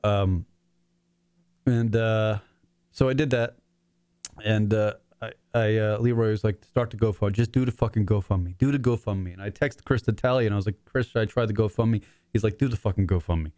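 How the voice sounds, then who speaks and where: A man's voice: lowish voice, normal speed, warm tone, dry recording. Guy in his 40s, choked up, swearing a lot, rambling, dead dry sound. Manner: rambling, profane, choked up near tears. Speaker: podcast host. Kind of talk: emotional casual monologue. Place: his own apartment.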